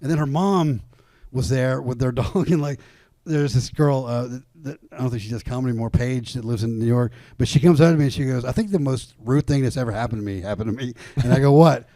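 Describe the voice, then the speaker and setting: A man's voice: medium pitch, fast talker, no room sound. Male podcast guest, casual profane storyteller, dry close mic, mid-range voice. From Atlanta comedy scene. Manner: rambling, profane, animated storyteller.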